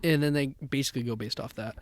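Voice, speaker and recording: A man's voice: mid-range voice, steady tone, fast talker, no room sound. A young man co-hosting a casual podcast, telling a laughing anecdote and teasing his co-host. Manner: laughing anecdote teller who quotes people in the story, teasing. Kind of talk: casual chat.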